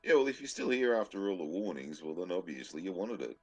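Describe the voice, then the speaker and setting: A man's voice: low voice, very animated, quick pace, breathy edge, dry recording. A man co-hosting a podcast, telling stories in a rambling, profane casual chat. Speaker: podcast co-host.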